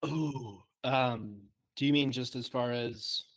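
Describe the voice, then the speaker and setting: A man's voice: medium pitch, fairly even intonation, slow. A young man chatting casually on a podcast, telling self-deprecating stories and laughing often. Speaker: co-host, trainee.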